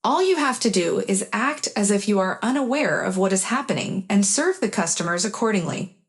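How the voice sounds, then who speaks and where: A woman's voice: mid-range voice, animated, fairly quick, close to an everyday voice. A woman voicing a scheming middle-aged stepfather who talks in a scornful, dismissive way.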